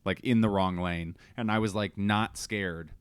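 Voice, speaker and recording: A man co-hosting a podcast in casual chat, telling stories animatedly with sudden loud bursts. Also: fairly low pitch, steady tone, measured pace, clear, resonant tone, no echo. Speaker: podcast co-host.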